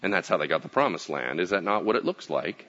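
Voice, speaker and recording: A man's voice: deep voice, fast, highs cut off. A man preaching a sermon as pastor, acting out little voices and asides as he goes. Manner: animated, acts out voices and asides.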